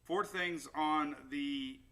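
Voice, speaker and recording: A man's voice: fairly high pitch, drawn-out words, a bit bright. A man hosting a casual weather livestream, rambling and upbeat as he chats with viewers. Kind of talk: casual live-stream chat. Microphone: new desktop microphone.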